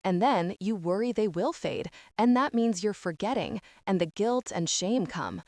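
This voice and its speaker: A woman reading a gentle young woman in an audiobook, speaking softly and earnestly to comfort a grieving girl. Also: medium pitch, very animated, measured pace, no room sound.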